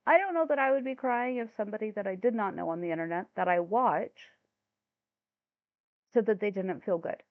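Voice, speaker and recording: A woman's voice: mid-range voice, fairly quick, no echo. Brief: incredulous female commentator, tinny narrow audio, dry and close. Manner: exasperated, incredulous, stammers when flustered. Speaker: commentary channel host. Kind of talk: reaction commentary. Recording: thin phone-like dry sound.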